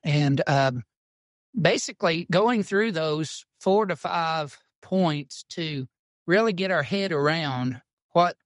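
Man, pastor, folksy storyteller, somewhat high voice, dry close mic. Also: slow pace, no room sound. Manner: folksy storyteller, drawling, informal grammar. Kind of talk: casual podcast chat about church.

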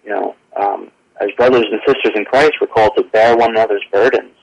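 A man's voice: fairly low pitch, steady tone, brisk, vocal fry. A man as a guest on a radio interview, speaking earnestly with many fillers and restarts. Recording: tinny phone line.

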